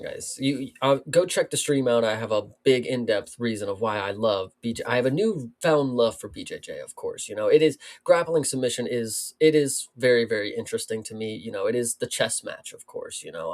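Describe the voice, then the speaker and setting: A man's voice: mid-range voice, a little fast, hardly any pauses. A man co-hosting a casual sports talk show, rambling with lots of fillers and restarts. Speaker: podcast co-host. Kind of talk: casual chat.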